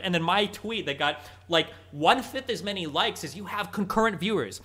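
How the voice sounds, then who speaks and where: A man's voice: sits high, animated, fairly quick, hardly any pauses, bright, forceful tone, breathy edge. A man in a heated, profane, mocking rant on a stream clip. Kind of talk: ranting stream commentary.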